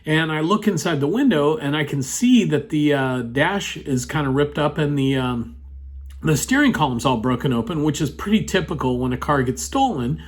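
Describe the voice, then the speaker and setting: A man's voice: on the high side, animated, moderate pace. A man telling a personal story in a casual, rambling way, full of "you know" fillers, sitting at his computer indoors.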